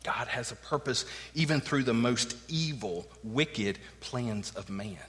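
A man's voice: medium pitch, animated, unhurried, fairly bright tone, big-room sound. A man preaching a sermon, emphatic and earnest, acting out the words of the people in his text. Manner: emphatic preaching, acts out quoted lines. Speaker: pastor.

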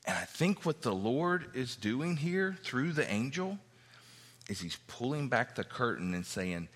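A man preaching a sermon, reading scripture aloud and acting out what the characters say in an animated way. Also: medium pitch, measured pace, breathy edge, long reverb tail. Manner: animated, acts out biblical characters' speech.

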